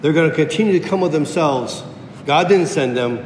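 Emphatic preacher man in an echoey hall. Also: moderate pace. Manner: emphatic, repeats key phrases for effect. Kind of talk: sermon. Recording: echoey hall with faint rumble.

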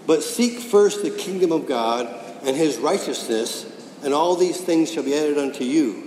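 A man's voice: fairly high pitch, a little mellow, slight background noise. A man preaching a sermon, pressing his points with rhetorical questions and repetition. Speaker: pastor. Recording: echoey hall with faint ambience.

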